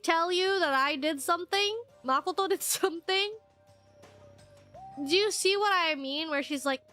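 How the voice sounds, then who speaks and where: Streamer girl ranting and rambling over gameplay, high voice, faint music. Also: bright, forceful tone. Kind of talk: game let's play commentary.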